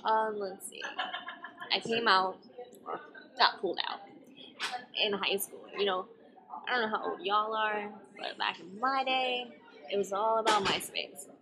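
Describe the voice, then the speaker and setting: A young woman tells her story to the camera in a casual vlog. Her voice is mid-pitched, and she talks in a dry, laid-back way. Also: fairly even intonation, a little slow, vocal fry, long pauses, a crowd in the background. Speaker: vlogger.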